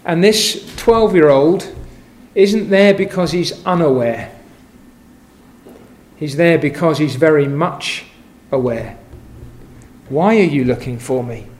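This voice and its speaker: A middle-aged man preaches in a fairly high voice. He takes his time, measured and emphatic, and quotes scripture along the way. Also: a little mellow. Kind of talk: sermon.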